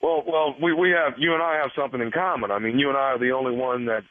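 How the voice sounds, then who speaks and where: A man's voice: medium pitch, steady tone, quick pace, lightly acted. A man playing a sleazy male doctor in a radio prank call, talking in a hesitant, stammering, sly way. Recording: tinny phone line.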